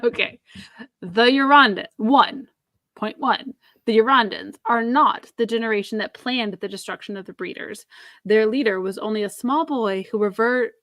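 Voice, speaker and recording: A woman co-hosts a casual podcast and reads a long text aloud in an even, steady way. Her voice sits a little high and sounds close and dry. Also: dry recording. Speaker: podcast co-host. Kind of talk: casual chat, reading a long review aloud.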